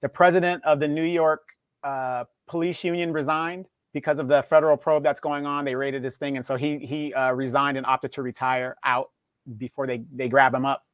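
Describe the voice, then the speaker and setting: A man's voice: mid-range voice, flat delivery, moderate pace, no room sound. A man co-hosting a casual live chat. He talks in a chatty way and restarts his sentences often. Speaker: co-host. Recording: dry, dull lo-fi sound.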